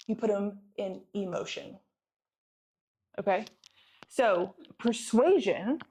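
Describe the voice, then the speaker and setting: A pregnant woman in her thirties giving a lively sales training talk to a live audience, often asking them to answer back. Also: a little high. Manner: energetic, playful, asks audience for responses.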